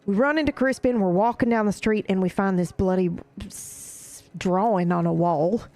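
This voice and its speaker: A woman's voice: mid-range voice, normal speed, a little mellow. A woman recapping events in character during a roleplay session, rambling and swearing casually as she tells the story.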